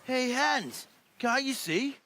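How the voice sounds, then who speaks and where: Jeering young village lad, high lively voice, video game dialogue. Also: male voice, takes it slowly, exaggerated voice. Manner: mocking, jeering. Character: rowdy young village troublemaker.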